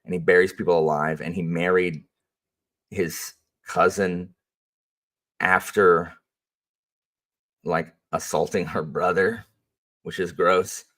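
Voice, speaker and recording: A low-pitched man talks casually about his teaching, animated and rambling, with plenty of fillers. He sits at some distance from the microphone. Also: takes it slowly, long pauses. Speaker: history teacher. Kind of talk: casual storytelling chat.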